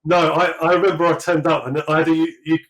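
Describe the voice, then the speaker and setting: A man's voice: on the high side, little pitch movement, quick pace, fairly bright tone, rough recording. A British man, likely in his thirties, talking through his career in a casual interview, rambling with many fillers and restarts. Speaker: sculptor guest.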